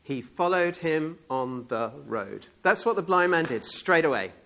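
Bright-voiced male preacher telling a story. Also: a little high, expressive, a little slow. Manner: conversational storytelling, acting out scenes. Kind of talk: sermon.

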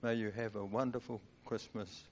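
A man in a church giving earnest, halting Christmas wishes and a farewell to the congregation. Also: fairly low pitch, steady tone, a little mellow. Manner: halting and earnest, repeating words.

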